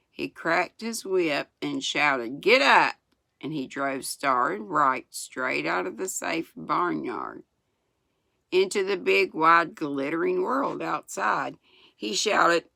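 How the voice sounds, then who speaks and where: A woman in her sixties from the United States, reading a children's book aloud in an unhurried way. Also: deep voice, vocal fry, pushed and bright, no echo. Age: 60s. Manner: unhurried, chuckles at the story. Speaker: storyteller.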